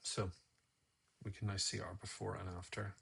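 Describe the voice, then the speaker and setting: A man's voice: deep voice, level tone, moderate pace, vocal fry, a bit bright, slightly rough. A man casually talking viewers through a photo edit on a live stream, rambling and thinking aloud as he works.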